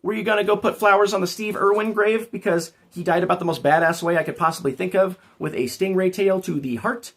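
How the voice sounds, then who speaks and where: A man's voice: sits high, a little fast, few pauses. A man hosting a casual livestream, rambling and joking as he talks back to his chat. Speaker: livestream host.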